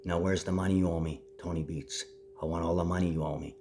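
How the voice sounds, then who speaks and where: A man delivering a rambling, grandiose solo monologue, shifting between low muttering and loud declaring. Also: fairly even intonation, quick pace, vocal fry, a little hiss or hum.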